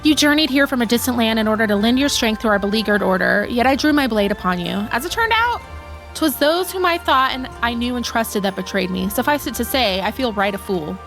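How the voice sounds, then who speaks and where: A woman's voice: a little high, expressive, fairly quick, a bit bright, soft background music. A woman reading as a formal samurai captain. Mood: earnest. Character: stern male samurai captain, formal, remorseful. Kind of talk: reading game dialogue aloud.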